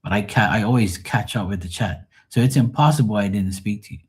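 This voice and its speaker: A man's voice: on the low side, brisk, darkish tone, breathy edge. A man who does live tarot readings, chatting with viewers in a blunt, profane, offhand way. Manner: blunt, profane, talks straight to the chat. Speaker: live tarot reader, streamer. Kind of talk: casual live-stream chat.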